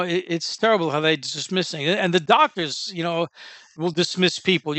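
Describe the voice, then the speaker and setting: A man's voice: sits high, fast, sharp tone, dry recording. A man hosting a casual commentary show, talking in a sardonic, rambling way with fillers and sarcastic asides.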